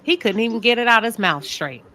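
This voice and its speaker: A woman's voice: fairly high pitch, expressive, fairly quick, bright, forceful tone. A woman with a Southern American accent hosting a live talk show, asking pointed, sassy rhetorical questions. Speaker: show host.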